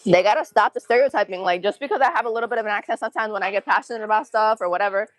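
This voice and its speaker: Livestreaming from an indoor gym, this young Massachusetts woman with a local accent counts her reps out loud and chats casually with her viewers. She has a mid-range voice and races through her words, and the audio quality is poor.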